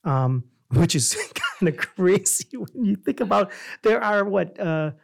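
A man's voice: high voice, lively intonation, measured pace, creaky. A man hosting a podcast, chatting casually, asking questions and rambling with lots of fillers and restarts. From Italian heritage. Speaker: podcast host. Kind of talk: casual chat.

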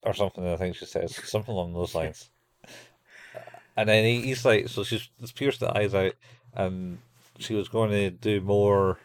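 A man's voice: on the low side, fairly even intonation, normal speed, no echo. A man co-hosting a podcast, casually recapping an anime and acting out lines in raised voices. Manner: rambling, acts out quotes in raised voices. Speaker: podcast co-host.

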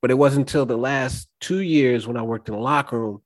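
A man hosting a podcast interview, relaxed and casual, chiming in with short replies. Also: mid-range voice, a little fast, dry recording. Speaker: podcast host.

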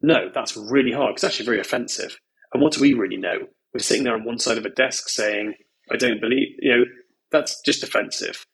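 Brief: male investor guest, frank and emphatic, a little husky, loose filler-heavy talk. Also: medium pitch, a little fast, fairly bright tone, low-quality recording. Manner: candid, emphatic, peppered with "you know" and "like". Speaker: venture capital investor, guest. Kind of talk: podcast conversation.

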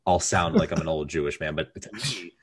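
A man co-hosting a podcast in casual chat, quick and self-mocking, often breaking into laughter. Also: very deep voice. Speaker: podcast co-host.

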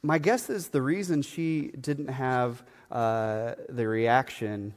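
A man, a pastor, telling a story in a sermon, chatty and animated, with lots of fillers and asides. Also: mid-range voice, takes it slowly, in a large hall. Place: church sanctuary.

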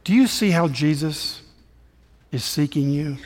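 A man's voice: fairly high pitch, measured pace, long reverb tail, slight background noise. A man from the States, preaching a sermon and acting out the dialogue as he tells personal stories. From Southern United States. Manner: animated storyteller who acts out dialogue.

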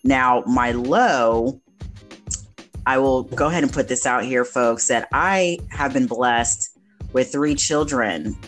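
A woman's voice: extremely low pitch, slow, soft background music. A woman co-hosting a casual faith podcast, chatting in an upbeat, talkative way. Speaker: podcast co-host.

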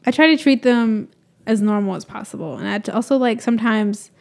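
Gravelly young woman, rambling chat. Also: fairly high pitch, a little fast, a little mellow. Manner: rambling, filler-heavy, "like"-laden talk. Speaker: podcast guest. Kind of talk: casual podcast chat.

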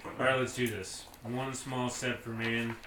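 A man's voice: mid-range voice, flat delivery, measured pace. Playful man in a comedy script read. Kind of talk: comedic improv script reading. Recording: echoey room, faint noise.

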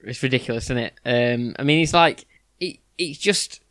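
A man's voice: medium pitch, normal speed, a bit bright, dry recording, studio quality. A man co-hosting a casual news chat, hesitant with many restarts. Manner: hesitant, lots of restarts and fillers. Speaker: podcast co-host.

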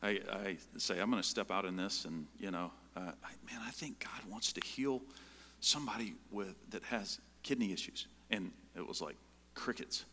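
A middle-aged man preaching a sermon full of personal stories, acting out scenes with sudden jumps in pitch and volume. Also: moderate pace, a little hiss or hum. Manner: animated storytelling, jumps high and loud when acting out scenes. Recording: long hall reverb.

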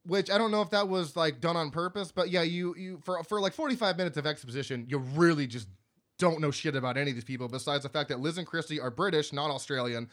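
A man with a slightly high voice talks through a movie plot in relaxed, swear-heavy podcast chat. He slips into quick impressions of the characters as he recaps, then carries straight on. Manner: loose and profane, acts out movie scenes. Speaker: podcast co-host. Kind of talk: casual movie review chat.

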